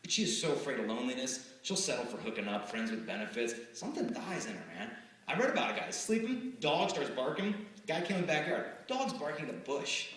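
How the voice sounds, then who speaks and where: Animated man talking in an echoey hall. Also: a little high, brisk. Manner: animated, acts out quoted voices. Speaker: speaker addressing students. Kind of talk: live motivational talk to an audience. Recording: echoey hall from far off, faint hiss.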